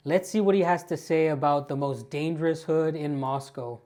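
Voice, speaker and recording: A woman's voice: low-pitched, normal speed, dark tone. An American woman hosting her channel, talking straight to viewers in amused, mocking commentary on clips. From United States. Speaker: channel host.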